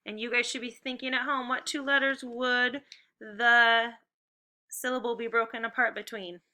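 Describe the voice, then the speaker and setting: A woman teaching first graders a phonics lesson on video. She calls out slow, clearly enunciated drill prompts and gives encouraging, upbeat praise. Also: on the high side, fairly even intonation, pushed and bright.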